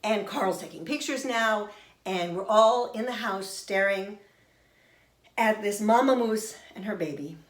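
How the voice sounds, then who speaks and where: A middle-aged woman telling a personal story in an expressive, animated way. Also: mid-range voice, a little slow. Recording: roomy echo.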